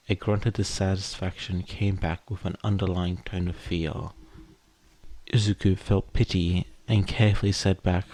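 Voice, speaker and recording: A man reading fan fiction aloud as a podfic narrator, in a steady, measured way. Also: low voice, no echo. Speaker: podfic reader. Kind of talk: scripted narration.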